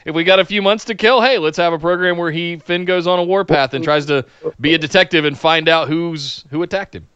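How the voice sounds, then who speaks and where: A man's voice: a little high, fairly quick, a bit bright, smooth, muffled recording. A man co-hosting a casual wrestling recap, laid-back and agreeable, giving short replies. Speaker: wrestling podcast co-host.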